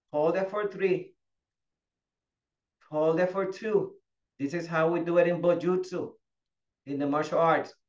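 A male fitness instructor leading a class, giving steady cues and encouraging students by name. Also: fairly high pitch. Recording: echoey, dull lo-fi room sound.

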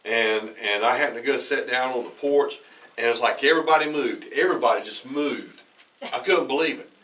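A man, preaching a sermon as pastor and telling stories, who talks conversationally, repeats words, restarts and often clears his throat. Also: medium pitch, fairly quick, far from the mic, poor audio. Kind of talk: sermon with personal storytelling. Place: church sanctuary. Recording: bright voice heard from away from the mic.

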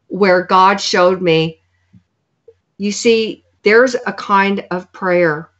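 A woman's voice: fairly low pitch, a bit bright. A woman giving an earnest, preaching testimony, quoting scripture along the way. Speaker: guest. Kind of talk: sermon-like testimony. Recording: dull lo-fi sound.

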